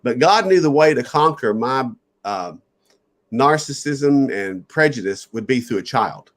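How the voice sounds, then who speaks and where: A man's voice: medium pitch, expressive, unhurried. A man who is a pastor, earnestly telling a personal story in an interview and chuckling at times.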